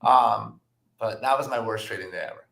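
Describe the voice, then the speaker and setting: A man, a trader, telling stories from his career in a relaxed anecdotal way, with plenty of "um" and "like". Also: on the low side, fast. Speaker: trader and guest. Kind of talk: casual storytelling. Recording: roomy echo.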